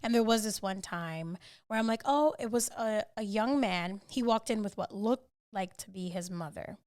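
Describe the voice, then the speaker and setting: A woman co-hosting a podcast, telling stories in a casual, animated way and swearing freely. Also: mid-range voice, moderate pace. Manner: animated storytelling, swearing, laughing often. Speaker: podcast co-host. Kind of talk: casual chat.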